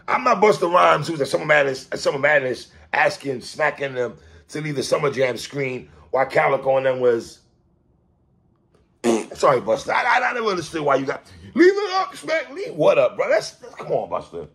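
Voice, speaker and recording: A man hosting a casual hip-hop commentary monologue, animated and quick to laugh and exclaim. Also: mid-range voice, gravelly.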